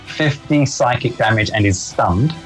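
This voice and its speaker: A man's voice: mid-range voice, expressive, measured pace, faint music behind, poor audio. A man playing a tabletop game, casually explaining his moves to the game master. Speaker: player.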